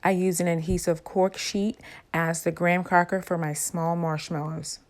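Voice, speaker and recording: A woman narrating a crafting tutorial, calmly explaining each step. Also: fairly low pitch, moderate pace, soft background music. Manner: calm, explaining steps.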